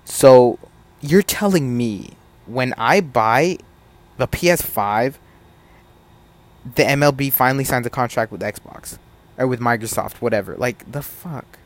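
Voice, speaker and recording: Young male podcast host, profane and animated rant, mid-pitch voice. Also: measured pace.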